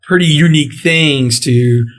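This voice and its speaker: Animated storytelling man, fairly high voice. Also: unhurried. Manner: animated storyteller, acts out quoted dialogue. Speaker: podcast host. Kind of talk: casual storytelling interview.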